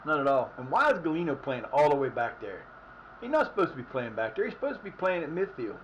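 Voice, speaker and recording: A man's voice: a little high, big pitch swings, fast, a bit bright, a little hiss or hum, poor audio. A man streaming a football game live, swearing often as he rants at his team's play. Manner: frustrated, profane ranting at the game.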